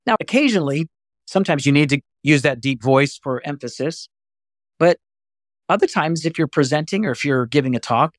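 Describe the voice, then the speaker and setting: A middle-aged man hosting a podcast voice lesson, animated and often jumping high to demonstrate. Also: brisk, no room sound, clean studio sound. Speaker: voice coach and podcast host.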